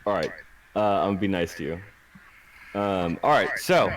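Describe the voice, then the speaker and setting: A man narrating as game master at a tabletop roleplaying game, halting and full of fillers. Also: sits low, expressive. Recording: distant mic, faint hiss.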